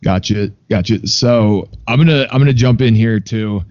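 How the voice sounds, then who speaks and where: A man's voice: lowish voice, moderate pace, darkish tone, no room sound. A man interviewing a guest and asking loose, rambling questions full of fillers. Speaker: podcast interviewer. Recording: dry, dull lo-fi sound.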